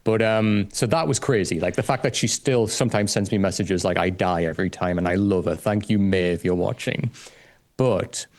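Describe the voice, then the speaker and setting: A man, a guest on a chat show, telling an excitable, gushing story in casual conversation and swearing freely. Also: sits low, normal speed. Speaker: guest, music reaction video creator.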